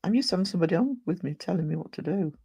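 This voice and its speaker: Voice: mid-range voice, animated, very fast, creaky, mellow, breathy edge, dry recording. A live-stream host chatting casually and rambling, thanking viewers and reading chat aloud with many fillers and restarts. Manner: frequent fillers and self-corrections.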